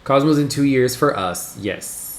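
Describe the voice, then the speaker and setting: A man hosting a casual live stream, excitably chatting and greeting his viewers one by one. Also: mid-range voice, measured pace. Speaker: livestream host. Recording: roomy echo.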